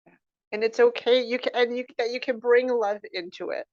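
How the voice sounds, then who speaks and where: A woman's voice: fairly high pitch, a little fast, no room sound. Woman on dull, lo-fi remote audio. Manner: affirming, reflective, animated when quoting. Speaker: podcast co-host. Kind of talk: casual chat.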